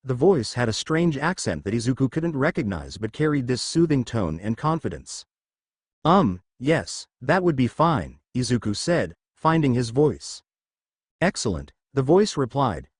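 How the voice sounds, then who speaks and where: Man, narrator, fan fiction reading, steady storytelling, animated pitch, dry recording. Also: normal speed, few pauses, no room sound.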